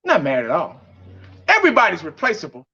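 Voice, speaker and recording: High, lively-voiced man ranting on a vlog. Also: a little fast, slightly rough. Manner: blunt, heated, laughs mockingly. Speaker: fan vlogger. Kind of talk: ranting fan commentary vlog. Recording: dull lo-fi audio.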